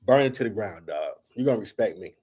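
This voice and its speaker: Animated, profane male storyteller. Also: fairly low pitch, fast talker, slightly rough. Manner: animated, acts out quoted dialogue, swears freely. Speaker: podcast host. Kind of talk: casual storytelling chat.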